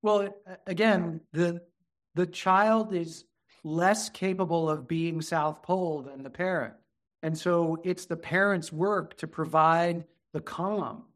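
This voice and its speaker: A man, a therapist speaking as a guest, explaining earnestly and acting out soft, soothing words to a child. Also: sits high. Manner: earnest, acts out soothing dialogue softly. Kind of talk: conversational interview.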